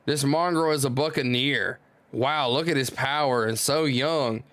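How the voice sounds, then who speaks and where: Arrogant, cruel manga noble, scolding and contemptuous, voiced plainly by a man, clear, dry delivery. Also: mid-range voice, measured pace, fairly bright tone, no room sound, close to an everyday voice.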